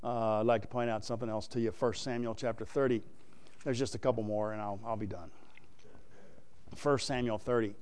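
A man's voice: lowish voice, fairly even intonation, brisk, a little mellow. A man preaching a sermon, explaining scripture in a conversational way and asking the audience questions.

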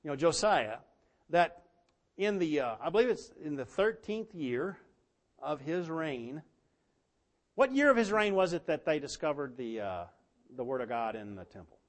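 A man teaching a Bible study, talking casually with many fillers and reading scripture aloud slowly and with weight. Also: a little high, very animated. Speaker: pastor.

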